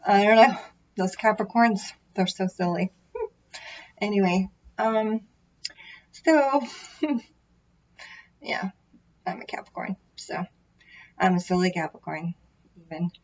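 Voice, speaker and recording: With a medium pitch, a slow pace and frequent pauses, a woman chats to camera about her tarot readings. Her talk is rambling and self-deprecating, packed with fillers and restarts. The built-in microphone array recording has the highs cut off and a little hiss or hum.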